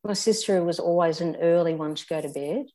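An older Australian woman telling a personal story as an interview guest, candid and reflective, halting often and restarting. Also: fairly low pitch, warm tone.

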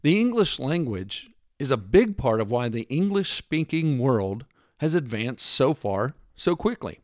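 Man for a sarcastic opinion monologue, lively swooping delivery, dry close sound. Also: medium pitch, a little slow, no room sound. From United States. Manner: emphatic, sarcastic, lecturing with rhetorical questions; mimics accents in quoted lines. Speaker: commentator.

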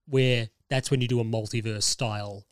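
A man's voice: fairly even intonation, normal speed, clear, resonant tone, no echo, studio quality. Enthusiastic man hosting a podcast. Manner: enthusiastic, rambling pitches of ideas. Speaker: podcast host. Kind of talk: casual chat.

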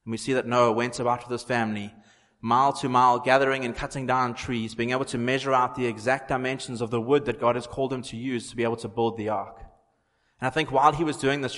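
A man's voice: medium pitch, fairly bright tone. A man preaching a sermon in an earnest way, repeating phrases for emphasis. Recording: long hall reverb.

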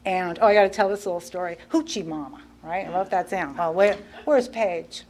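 A middle-aged woman sharing her recovery story in a casual, animated way, acting out quoted dialogue and laughing often. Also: lowish voice, a little fast, a little hiss or hum. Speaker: guest speaker.

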